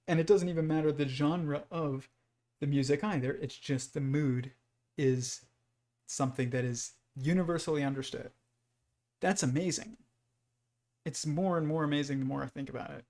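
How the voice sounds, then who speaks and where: A man's voice: fairly high pitch, normal speed, darkish tone. A man hosting a livestream, talking through ideas in a loose, rambling monologue full of restarts and fillers. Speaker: host.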